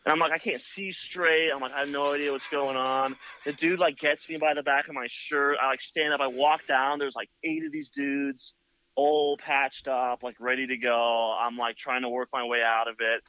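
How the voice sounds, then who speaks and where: A motorcycle builder telling a long story in casual chat, full of "like" and "you know.". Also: male voice, mid-range voice, flat delivery, moderate pace, bright, forceful tone. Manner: rambling, filler-heavy with many "like" and "you know". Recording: dull lo-fi, dry sound.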